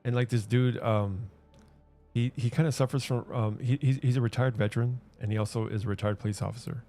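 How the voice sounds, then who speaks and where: A man's voice: medium pitch, steady tone, a little fast, warm tone, soft background music. A man streaming a game, chatting casually in a rambling, hesitant way with many restarts and fillers. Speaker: gaming streamer. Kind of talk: casual rambling chat while gaming.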